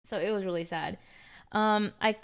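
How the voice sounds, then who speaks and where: A woman's voice: medium pitch, normal speed, clear, resonant tone. A young adult woman streamer casually telling her chat an exasperated story, full of back-and-forth retellings.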